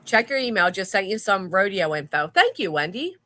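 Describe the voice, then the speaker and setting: A woman's voice: medium pitch, big pitch swings, fairly quick, a bit bright. A woman hosting a livestream, chatting casually and swearing freely. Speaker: stream host. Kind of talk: casual chat.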